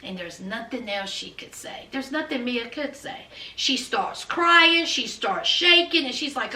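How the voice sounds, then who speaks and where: A woman giving a chatty, animated recap of a TV episode, calling her viewers "honey" and "child" as she talks. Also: a little high, a little slow, few pauses. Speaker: TV episode reviewer. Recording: roomy, distant from mic.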